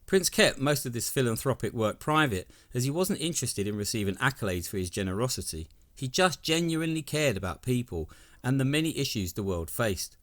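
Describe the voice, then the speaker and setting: A man's voice: mid-range voice, big pitch swings, fairly quick, a bit bright. A man giving scripted narration as a video essay host, with enthusiastic, wry commentary.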